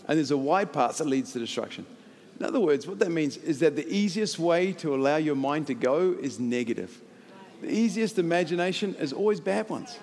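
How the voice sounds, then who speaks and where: New pastor preaching in a reverberant hall. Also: male voice, fairly high pitch. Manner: animated, jokey storyteller who shouts into loud climaxes. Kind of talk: sermon with storytelling.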